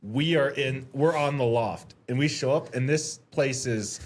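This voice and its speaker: A man telling a story on a casual podcast as a guest, animated and profane, acting out what everyone said. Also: mid-range voice, unhurried. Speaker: podcast guest, Army veteran.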